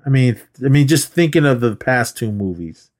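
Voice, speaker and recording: A man's voice: mid-range voice, lively intonation, normal speed, darkish tone. A man casually recapping a movie on a podcast, rambling and acting out the characters' lines. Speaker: podcast co-host.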